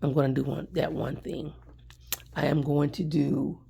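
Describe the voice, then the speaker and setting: A woman's voice: low voice, level tone, normal speed, gravelly, warm tone. A middle-aged woman who runs small businesses, talking earnestly on a live stream, near tears and repeating words of encouragement. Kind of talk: emotional live stream talk.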